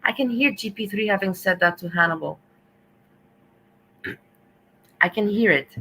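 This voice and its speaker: Bright-voiced woman ranting on stream. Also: mid-range voice, unhurried, a little hiss or hum, rough recording. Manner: rambling, sarcastic, exasperated. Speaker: stream host. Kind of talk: commentary.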